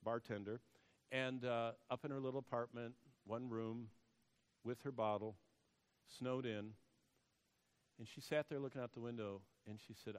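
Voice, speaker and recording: A man preaching a sermon and telling a story, dropping to a hush and then rising to loud emphasis. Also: mid-range voice, steady tone, normal speed, pauses often, clean tone. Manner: storytelling, swings between hushed and loud emphasis. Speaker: pastor. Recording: long hall reverb.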